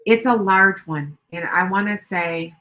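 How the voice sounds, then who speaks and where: A woman's voice: mid-range voice, a little slow, pushed and bright, rough recording. Chatty older woman rambling on a livestream. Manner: rambling, chatty, many restarts. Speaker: tarot reader livestream host. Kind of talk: casual livestream chat.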